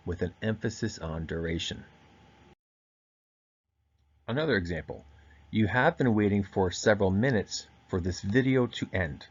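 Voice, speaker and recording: Guy teaching tenses, husky voice, kinda dull lo-fi sound, slows down on key words. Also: on the low side. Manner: explanatory, stresses key words slowly. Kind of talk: recorded grammar lesson.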